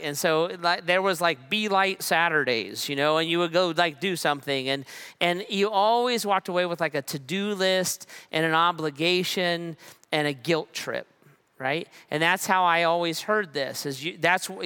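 A man preaching a sermon as pastor in a church, talking in a relaxed, conversational way with repeated phrases and slow, emphatic pauses. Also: on the high side, smooth.

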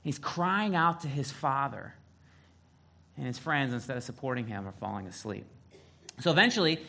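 A male pastor preaching a sermon, retelling a story in a casual, animated way and acting out the quotes. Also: on the low side, vocal fry.

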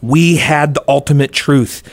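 A man's voice: on the high side, fairly even intonation, unhurried, dry recording. A man hosting a faith podcast in casual, upbeat, joking chat. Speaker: podcast host.

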